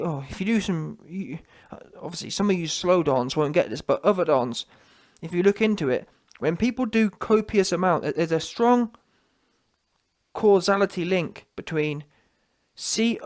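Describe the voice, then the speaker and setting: Taunting man ranting. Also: on the high side. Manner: taunting, repetitive, slangy, with frequent "yeah?" tags. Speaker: commentary channel host. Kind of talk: mocking reaction rant.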